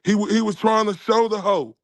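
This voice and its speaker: A man's voice: sits high, no echo. A man giving blunt, profane reaction commentary on a clip as a streamer. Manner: blunt, profane, drawn-out remarks.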